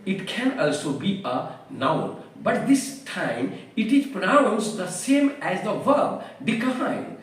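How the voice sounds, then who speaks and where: A man giving a careful English vocabulary lesson, explaining each word slowly with examples. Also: high voice, big pitch swings. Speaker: English teacher. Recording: very echoey room, voice far from the mic.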